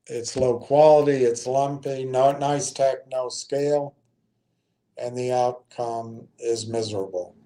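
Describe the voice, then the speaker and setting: Male stream host, casual investing talk, mellow low-key tone, slow and hesitant, plenty of ums. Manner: unhurried, thinking aloud with frequent ums and self-corrections.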